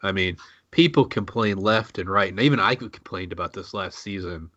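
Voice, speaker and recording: A man's voice: deep voice, normal speed, pushed and bright, no room sound, muffled recording. A man hosting a casual podcast chat, laid-back and rambling, swearing freely.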